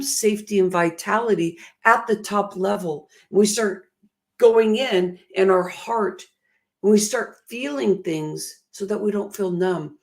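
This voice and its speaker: Earnest woman with a gravelly voice. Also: lowish voice, a little mellow. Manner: emotional, earnest, laughs often. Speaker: motivational speaker. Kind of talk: motivational talk.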